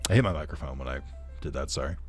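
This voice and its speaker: A man's voice: rumbling low, racing, soft background music. Young male gaming host, offhand and sarcastic, swears freely. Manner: sarcastic, profane, offhand asides. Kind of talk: casual let's-play commentary.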